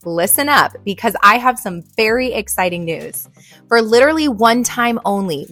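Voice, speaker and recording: A woman's voice: medium pitch, sharp tone. A woman reading an upbeat promotional ad for the show. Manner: upbeat, salesy. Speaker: ad reader for the show. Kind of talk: read promotional ad.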